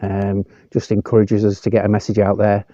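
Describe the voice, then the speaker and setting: A man's voice: on the low side, a little fast, dry recording, highs cut off. A man talking casually and a bit hesitantly as he asks viewers to subscribe, outdoors in a forest. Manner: relaxed, hesitant with fillers. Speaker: vlogger. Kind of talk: casual chat.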